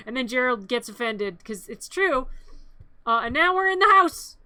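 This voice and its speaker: A streamer, heard as a woman, recapping a movie in a rambling, playful way with quick jokey asides. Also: high voice, big pitch swings, bright, forceful tone, dry recording. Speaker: vtuber streamer. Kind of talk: comedic movie recap with silly voices.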